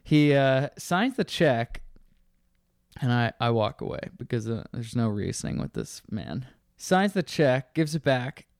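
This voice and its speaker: An animated man tells a story in casual chat, swearing freely and putting on loud, angry voices for the people in it. His pitch leaps around as he acts, and the sound is dry and close, with no room echo. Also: unhurried, gravelly. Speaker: bartender telling a story.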